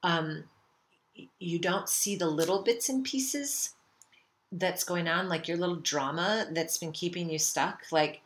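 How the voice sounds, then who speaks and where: A woman's voice: fairly low pitch, unhurried. A middle-aged woman hosting a spiritual self-help podcast, rambling casually, swearing now and then and acting out the voices in her head. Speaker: podcast host.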